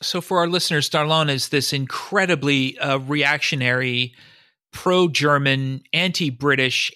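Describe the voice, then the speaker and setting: A man's voice: mid-range voice, pushed and bright, dry recording, studio quality. A man, a historian and author, giving long explanatory answers in a podcast interview, often quoting sources and thinking aloud.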